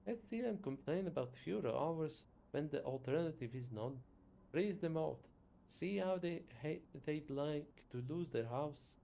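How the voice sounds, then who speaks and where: A man's voice: on the high side, lively intonation, unhurried, creaky, dark tone, slight background noise, voice pushed up. A man voicing a pompous, greedy factory owner who looks down on his workers and speaks with haughty indignation.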